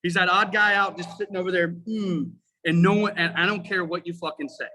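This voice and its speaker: A man's voice: high-pitched, brisk, pushed and bright, slight background noise, rough recording. A man in his forties, a firefighter guest on a podcast, talking casually in an emphatic, profane, fired-up way.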